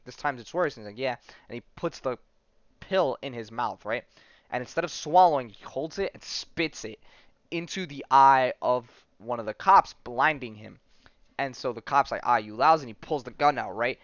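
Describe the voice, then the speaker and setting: Smooth-voiced man rambling through a recap. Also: mid-range voice, fairly bright tone, no room sound, muffled recording. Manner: rambling, heavy on fillers and "right?". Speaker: podcast host. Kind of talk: casual comic book recap.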